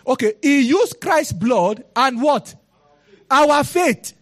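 A man's voice: very high voice, animated, slow pace. A man with a Nigerian accent preaching a sermon and telling his own testimony, acting out the people he quotes.

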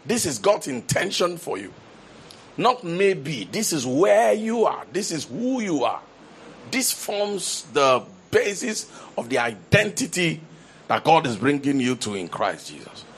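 A man's voice: on the high side, sing-song, unhurried, fairly bright tone, slight background noise. A man preaching a sermon, building to emphatic repeated declarations and often restarting his phrases. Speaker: pastor.

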